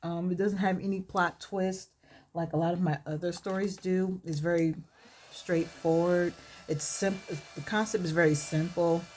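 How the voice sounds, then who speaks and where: A woman vlogger reading her own short story aloud in a relaxed way while doing her makeup, chuckling and stopping to comment on it. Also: fairly low pitch, normal speed, slight background noise. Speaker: vlogger and author.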